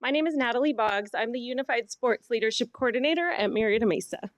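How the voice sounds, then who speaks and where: Woman teacher at a podium; warm, playful speech, bright higher voice, close dry mic. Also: fast talker, no echo. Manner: warm, playful, coaxing a student along. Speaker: teacher and sports leadership coordinator. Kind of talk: award speech.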